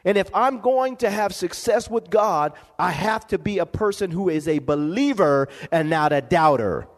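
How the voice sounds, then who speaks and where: A pastor with a very high voice preaches expressively, at a moderate pace, to his congregation, calling for amens and repeating words to drive each point home. His voice rings out with a long reverb, as if in a church sanctuary.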